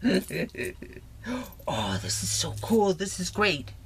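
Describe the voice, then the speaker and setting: A woman chatting excitedly through a crafting unboxing, gushing and laughing often in her home craft room. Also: fairly low pitch, measured pace, husky. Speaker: crafting vlogger. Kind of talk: casual unboxing chat. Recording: noisy home recording.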